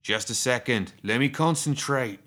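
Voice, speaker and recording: A man's voice: mid-range voice, moderate pace, bright, forceful tone, pitched above the performer's own voice, close to an everyday voice. A man voicing a squat, horned and clawed Englishman who banters in a wry, cocky way.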